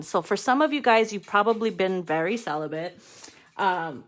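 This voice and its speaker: A woman's voice: mid-range voice, lively intonation. Frank, playful woman reading tarot cards. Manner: frank, playful, swears freely, calls viewers darling; slows down to read card text aloud. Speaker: tarot card reader. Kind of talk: casual card reading.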